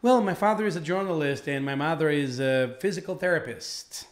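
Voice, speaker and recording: A man's voice: a little high, brisk, close to an everyday voice. A man voicing a polite young Brazilian exchange student who gives earnest answers.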